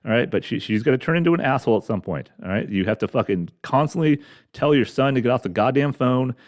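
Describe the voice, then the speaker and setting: A man's voice: mid-range voice, expressive, fast talker. A middle-aged man grumbling through a profane, rambling comedic rant as a podcast host, talking carefully after mouth surgery. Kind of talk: ranting comedic monologue.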